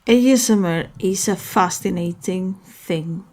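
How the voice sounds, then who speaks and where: Brief: a woman hosting a solo talk show, easygoing and slow-paced, thinking aloud as she goes. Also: mid-range voice, darkish tone. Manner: rambling, self-correcting, musing aloud. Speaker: podcast host.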